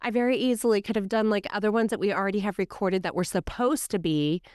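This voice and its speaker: Speaking fast in a medium pitch, this middle-aged podcast co-host animatedly spins stories over casual chat, using "like" again and again. The studio recording is clean and echo-free.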